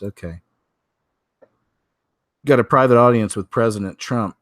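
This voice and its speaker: A man's voice: medium pitch, measured pace, fairly bright tone, no room sound. A man casually commenting on news stories and clips, chatty and laid-back with trailing asides. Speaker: video commentator.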